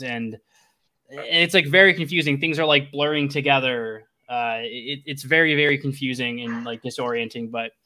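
A man's voice: medium pitch, sharp tone. A man narrating a tabletop game as game master, rambling with many restarts.

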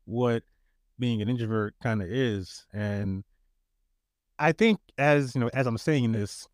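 A man's voice: medium pitch, unhurried, dry recording, studio quality. A man co-hosting a podcast in a laid-back, joking way, often restarting his words. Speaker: podcast co-host. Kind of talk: casual chat.

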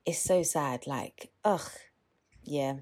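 Low-voiced woman podcast co-host. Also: takes it slowly, slightly rough. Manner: animated, swearing, acts out quotes. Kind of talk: casual chat recapping a documentary.

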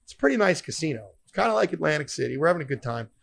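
Animated, profane male comedian storyteller. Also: fairly high pitch, rapid-fire, creaky, breathy edge. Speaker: comedian podcast host.

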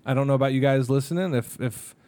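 A man's voice: mid-range voice, fast, dark tone, clear, resonant tone. A man in his thirties co-hosting a casual podcast, telling candid, emotional personal stories with lots of fillers and restarts. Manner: candid, rambling, emotional storytelling with many fillers. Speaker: podcast co-host, mascot performer.

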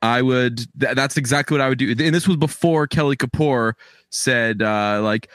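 A man's voice: medium pitch, fairly bright tone, no room sound, clean studio sound. A man with a Boston accent co-hosting a casual podcast, joking and swearing freely as he chats with a friend who is recording from elsewhere. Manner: joking, profane, quick to laugh. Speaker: podcast co-host. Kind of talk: casual chat. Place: remote from co-host.

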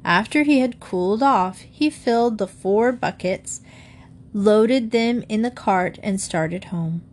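A woman reading a children's book aloud to listeners in a gently expressive way. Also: medium pitch, slow. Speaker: storyteller.

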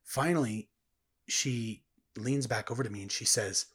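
A man's voice: medium pitch, unhurried, a bit bright, slightly rough. A man earnestly telling his personal testimony as a guest in a conversation. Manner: earnest, reflective storytelling.

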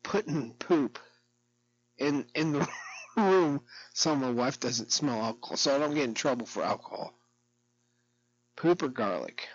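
A man's voice: mid-range voice, animated, a little slow, pauses often, lo-fi sound. A middle-aged man vlogging in a rambling, profane, darkly joking monologue to camera.

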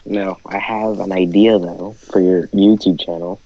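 A man's voice: sits low, steady tone, measured pace, warm tone. A man chiming in on a casual podcast chat with joking interjections. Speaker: co-host chiming in. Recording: dull lo-fi recording.

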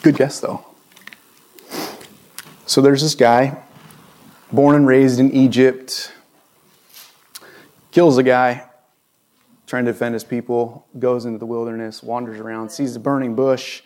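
A man's voice: medium pitch, level tone, a little slow, pauses often, darkish tone. A male pastor preaching a conversational sermon in a church, asking the congregation questions as he goes. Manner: conversational, asks the audience questions.

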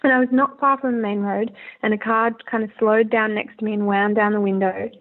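Woman, from Australia, interview guest, earnest, rambling, gravelly, phone-line sound. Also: mid-range voice, steady tone, a little fast. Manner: earnest, candid, rambling with restarts. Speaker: musician guest. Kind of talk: casual interview talk.

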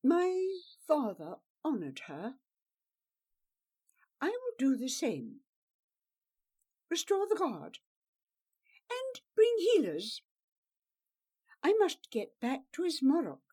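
A proud young princess barks clipped orders in a high, bright voice that swoops through wide, lively leaps. She is defiant and imperious, raising her voice to command, as a woman reads her out from a storybook. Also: slow, pauses often, full character voice. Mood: resolute.

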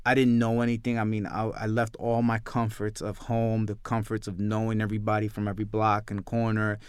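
Smooth-voiced New man telling stories. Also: on the low side, a little fast, no echo, studio quality. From New York. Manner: rambling, animated, many restarts. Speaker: filmmaker guest. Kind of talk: casual interview storytelling.

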